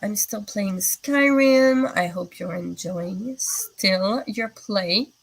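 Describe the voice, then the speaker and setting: A woman's voice: mid-range voice, slow pace, husky, rough recording. A woman hosting a live stream who chats casually with her viewers, rambling along with plenty of fillers. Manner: rambling and chatty, with many fillers; replies to viewer comments as she goes. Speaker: livestream host chatting with viewers.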